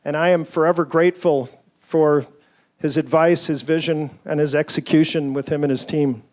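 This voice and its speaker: A toy inventor giving a keynote speech at a conference, telling stories from his career in an earnest, measured way. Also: on the high side, fairly even intonation, a little mellow. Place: conference hall.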